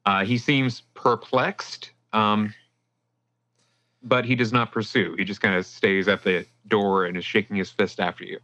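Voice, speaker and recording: Bright-toned man running a tabletop game. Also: lowish voice, fairly even intonation, unhurried. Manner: casual, filler-heavy narration. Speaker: game master. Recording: dull lo-fi audio.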